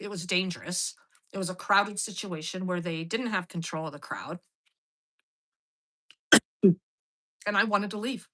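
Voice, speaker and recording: A woman's voice: mid-range voice, bright, forceful tone, rough recording. A middle-aged woman telling a story in a casual monologue, blunt and profane. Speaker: host.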